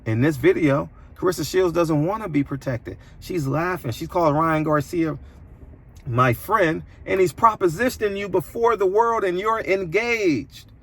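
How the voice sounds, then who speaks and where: A man delivering an opinionated commentary monologue as a boxing commentator, preachy and emphatic, his voice jumping higher when indignant. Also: moderate pace.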